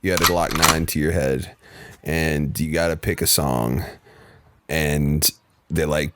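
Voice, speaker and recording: Deep-voiced laid-back male co-host. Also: steady tone, slow pace, pauses often, a bit bright, no room sound. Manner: laid-back, teasing banter. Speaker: podcast co-host. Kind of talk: casual chat.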